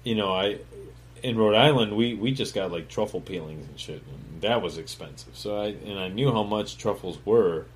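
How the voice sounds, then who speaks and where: A man's voice: lowish voice, animated, normal speed. A man hosting his own talk show, telling his life story in a loose, rambling way with lots of fillers and swearing, dropping to a mumble on asides. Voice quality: swears freely, acts out other people's voices in quoted dialogue. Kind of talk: casual storytelling monologue.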